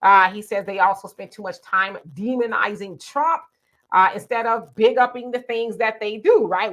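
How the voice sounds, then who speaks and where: A woman hosting a live stream, talking through the news in a casual, conversational way with lots of fillers and quick asides. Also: fairly high pitch, fairly bright tone. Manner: conversational, many fillers, quotes others in asides. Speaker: host. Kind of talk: casual political commentary.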